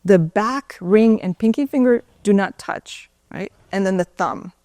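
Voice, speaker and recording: A former yoga and Pilates teacher tells stories from the conference stage in an unhurried, conversational manner, frequently checking in with "right?" Her warm voice sits at a medium pitch, with no room sound.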